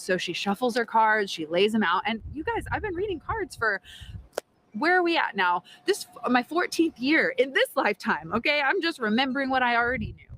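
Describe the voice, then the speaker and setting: A woman's voice: fairly high pitch, expressive, moderate pace, a bit bright, a little hiss or hum. A woman hosting a tarot show, telling a personal story in a chatty, casual way, with frequent laughs and casual swearing. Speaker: tarot reader and host.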